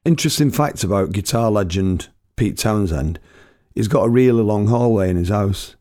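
A man's voice: lowish voice, normal speed, mellow, soft background music. A middle-aged man from Britain telling rambling, chatty anecdotes, laughing at his own stories and using slang. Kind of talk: casual storytelling.

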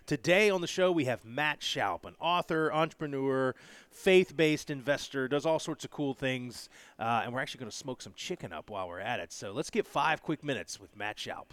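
A man's voice: medium pitch, animated, moderate pace, fairly bright tone, no room sound. Upbeat man hosting a podcast. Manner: upbeat and welcoming. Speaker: podcast host. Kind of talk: show introduction and brief reactions.

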